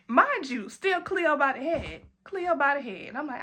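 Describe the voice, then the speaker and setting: A young woman, telling a storytime in a casual, animated way, jumping into high voices for quotes and laughing as she goes. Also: normal speed.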